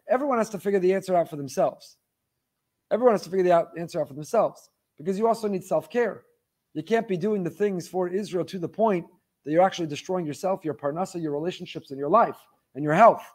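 A man teaching a weekly faith lecture with passion, driving his points home through repeated phrases and rhetorical questions. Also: high voice. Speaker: Torah teacher.

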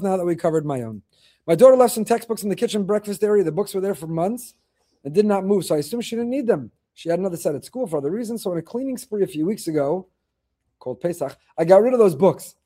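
Middle-aged rabbi telling faith stories, high voice, talks fast, mellow tone, keeps repeating himself for emphasis. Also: male voice. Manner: animated storytelling, repeats phrases for emphasis. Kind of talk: weekly faith talk.

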